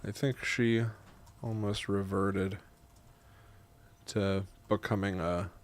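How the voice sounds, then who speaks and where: A man writing a horror story live, dictating slowly and musing, then chatting with viewers. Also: fairly low pitch. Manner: slow, halting and musing; lively and chatty with his viewers.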